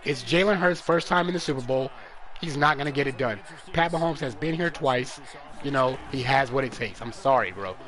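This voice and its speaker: Young dude streaming a football game, trash talk, goes from mumbling to yelling. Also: male voice, mid-range voice, a little fast. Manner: excitable, trash-talking, swings from mutters to yells. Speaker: gaming streamer. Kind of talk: live gameplay commentary.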